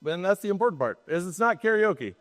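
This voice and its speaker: A man with a fairly high voice co-hosts a podcast in loose conversation. He rambles and interrupts himself, then lands his points with emphasis. A long reverb trails after his voice. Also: big pitch swings, quick pace, a bit bright. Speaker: podcast co-host. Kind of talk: casual chat.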